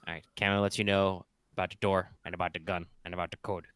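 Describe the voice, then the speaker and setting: A man's voice: low voice, little pitch movement, fast talker, a bit bright, clear, resonant tone, no echo. A man narrating as game master of a tabletop role-playing game, in a loose, chatty way with fillers and little sound effects.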